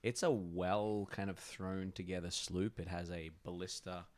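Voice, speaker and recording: A man with a very low voice runs a tabletop game. He describes the scene in a relaxed, loose way, pausing with fillers as he goes. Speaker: game master.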